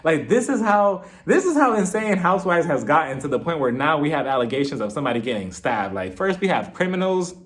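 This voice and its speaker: A young man reviews a reality TV episode in a casual, jokey way, animated and chatty with lots of "like" fillers. His voice is on the high side and fairly quick, with hardly any pauses.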